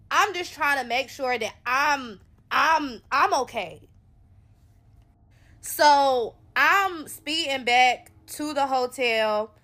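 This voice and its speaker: Bright-voiced woman telling her story. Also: fairly high pitch. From North Carolina, USA. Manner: candid, conversational, addresses viewers as y'all. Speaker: storyteller recounting her own experience. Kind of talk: casual first-person storytelling to viewers.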